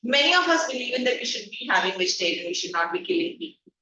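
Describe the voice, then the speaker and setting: A woman's voice: a little high, very animated, quick pace. A woman with an Indian English accent teaching an online class, quizzing students and slipping into Hindi phrases. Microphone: video call. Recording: echoey, distant, noisy call audio.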